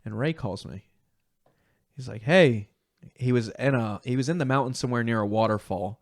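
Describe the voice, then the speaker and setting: A young man telling an emotional personal story as a guest, earnest and halting, acting out the voices of the people in it. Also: mid-range voice, darkish tone, no room sound, studio quality. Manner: earnest, acts out quoted voices, halting restarts.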